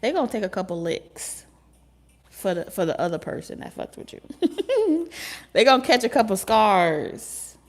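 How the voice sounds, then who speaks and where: A woman giving a casual tarot reading, talking in an animated, joking way with frequent laughs and casual swearing. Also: mid-range voice, unhurried. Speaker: tarot reader.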